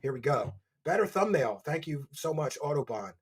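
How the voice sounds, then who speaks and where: Philly guy streaming, husky voice kinda high, reads chat and trash talks loud. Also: very animated, normal speed. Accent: Philadelphia. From Philadelphia. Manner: mocking, loud bursts, reads chat aloud. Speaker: livestream host reading donations. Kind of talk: casual livestream commentary. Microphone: desk microphone.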